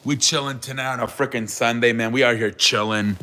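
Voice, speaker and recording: A man's voice: medium pitch, fairly even intonation, fairly quick, sharp tone. A man hosting a casual live show, joking and mock-offended with callers, sprinkling in Spanish words. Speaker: show host.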